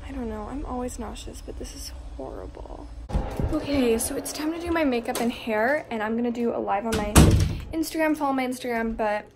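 A teenage girl chatting in a bubbly, gushing way as she vlogs her day. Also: on the high side. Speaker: vlogger. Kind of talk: casual vlog. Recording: noisy background.

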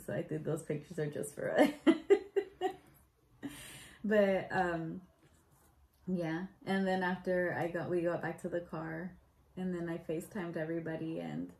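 A woman's voice: on the low side, rough recording. A young woman telling her proposal story in a casual vlog, chatty and full of "like" fillers. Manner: chatty, lots of "like" fillers, animated retelling.

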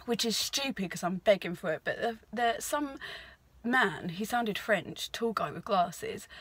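A young woman recording an emotional video diary, halting and tearful as she talks herself through a hard moment. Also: a little high, fairly bright tone, breathy edge, no room sound. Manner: tearful, halting self-talk. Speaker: vlogger.

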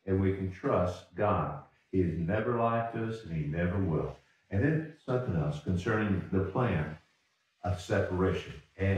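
Recorded off-mic in a church sanctuary with a roomy sound, a man preaches in a low-pitched, slightly mellow voice. His sermon style is folksy, marked by repeated and restarted words and occasional chuckles.

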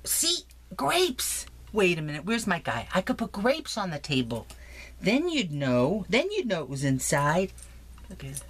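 A woman chatting excitedly through a crafting unboxing, gushing and laughing often in her home craft room. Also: on the low side, normal speed, slightly rough. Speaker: crafting vlogger. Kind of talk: casual unboxing chat. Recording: noisy home recording.

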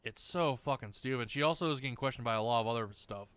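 Man, let's play host, bright crisp voice, close dry mic, sweary ranting. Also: quick pace, no echo. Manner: profane, ranting, mocking others in shrill voices. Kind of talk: angry rant over gameplay.

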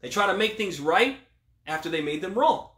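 A male imam giving a religious question-and-answer talk, asking rhetorical questions, then answering them, and quoting Arabic scripture quickly. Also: high voice, expressive, a bit bright. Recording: echoey room.

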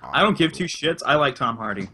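A man's voice: medium pitch, lively intonation, fairly quick, background noise. A young man co-hosting a podcast, joking around casually and laughing often. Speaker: podcast co-host. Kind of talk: casual chat.

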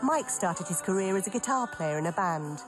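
A woman giving scripted documentary narration with a measured, even delivery. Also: mid-range voice. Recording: narration over music.

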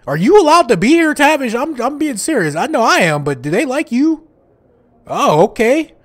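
A man playing a wrestling video game and commenting over it, loud, slangy and full of trash talk. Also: very high voice, very animated, normal speed. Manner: loud trash-talking, hyped, slangy banter. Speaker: gaming YouTuber.

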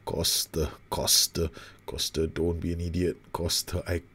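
A man's voice: deep voice, flat delivery, a little slow, bright, forceful tone, breathy edge. A man commentating on his own football management game, groaning and exasperated at his team. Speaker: gaming YouTuber.

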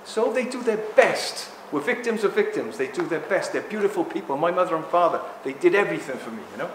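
A middle-aged man giving an impassioned talk to a live audience, excitable and ranting, acting out other people's voices as he goes. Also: fairly high pitch, fast talker, slight background noise. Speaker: speaker at a talk. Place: indoor talk venue. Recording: echoey hall with faint ambience.

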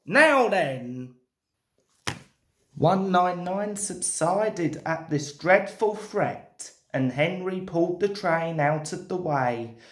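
Slow expressive woman reading a storybook. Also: fairly low pitch. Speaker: narrator. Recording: roomy echo.

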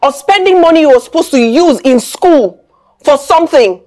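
A high-voiced scolding Nigerian mother. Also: expressive, moderate pace, a little mellow, soft background music. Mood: indignant. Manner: scolding, repeats questions insistently. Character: stern Nigerian mother scolding her teenage son. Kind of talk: film drama acting.

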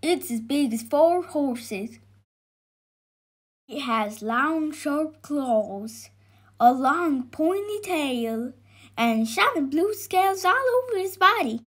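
A woman voicing a frightened grown shepherd in a storybook, alarmed and excited. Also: sits high, slow, voice pushed up, exaggerated voice.

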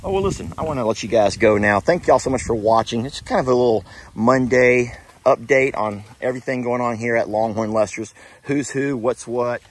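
A man chatting casually as he tends his farm animals outdoors, cooing at them now and then. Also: a little fast. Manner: chatty, coos at the animals in a high voice. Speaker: farm vlogger.

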